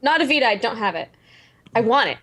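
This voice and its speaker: A woman guest on a podcast in casual chat, telling stories in an animated, chatty way. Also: fairly high pitch, fast.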